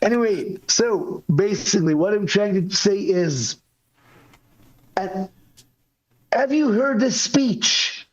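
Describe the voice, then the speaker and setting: A man talking in a casual debate chat on a video call, rambling and animated with apologetic asides, his voice worn from yelling. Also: sits high, takes it slowly, pauses often. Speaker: guest on a live call-in show. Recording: dull lo-fi call audio.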